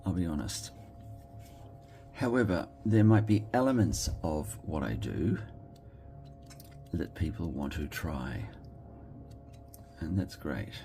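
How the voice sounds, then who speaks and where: An Australian man talking casually as he makes a card, thinking aloud and quietly murmuring approval at his work. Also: very deep voice, expressive, takes it slowly, long pauses, a little hiss or hum. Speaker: card-making crafter. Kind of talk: casual commentary while crafting.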